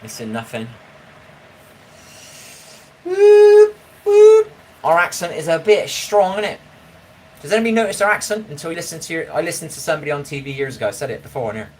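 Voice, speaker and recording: A man's voice: a little high, lively intonation, rapid-fire, fairly bright tone, poor audio. A man, chatting casually with viewers on a live stream, bantering and swearing now and then. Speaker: livestreamer reading chat.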